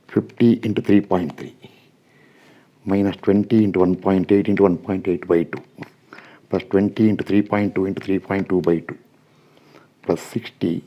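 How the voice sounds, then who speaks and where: A man teaching structural engineering in a classroom lecture, working through calculations aloud step by step and checking in with his students. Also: on the low side. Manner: addresses students directly with quick checks. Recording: dull lo-fi recording.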